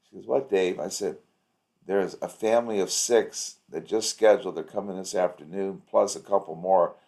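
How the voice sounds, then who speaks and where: A man's voice: sits low, steady tone, normal speed, a little mellow. A man coaching a practice owner over a video call, rambling through anecdotes with an upbeat, encouraging manner. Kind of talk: casual coaching chat.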